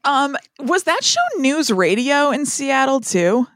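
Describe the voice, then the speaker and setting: A woman hosting a podcast in casual chat, laughing often and adding quick asides. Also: high voice, expressive, a bit bright, dry recording, clean studio sound. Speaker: podcast host.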